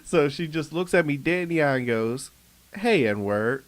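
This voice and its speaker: A man co-hosting a podcast, telling a story in casual chat, animated and laughing as he acts out quotes. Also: fairly high pitch, a little fast, no room sound. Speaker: podcast co-host.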